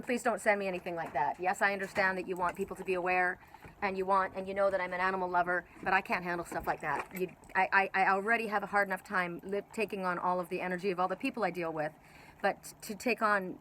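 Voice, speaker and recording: A woman with a bright, forward voice tells her viewers about her spiritual messages. She rambles and gets emotional, repeating words and restarting her sentences. A faint hiss runs under the recording. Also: mid-range voice. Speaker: oracle card reader. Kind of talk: spiritual video talk to viewers.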